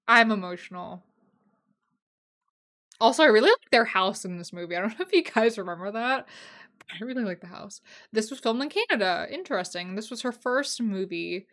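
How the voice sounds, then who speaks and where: A young woman hosting a casual solo podcast, gushing and emotional, swinging between loud excited bursts and quiet asides. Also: mid-range voice. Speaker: podcast host.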